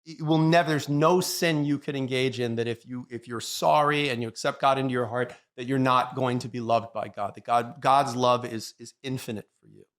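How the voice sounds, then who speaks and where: A man talking earnestly and reflectively in a podcast debate, slowing down to stress his points. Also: medium pitch, fairly even intonation, a bit bright.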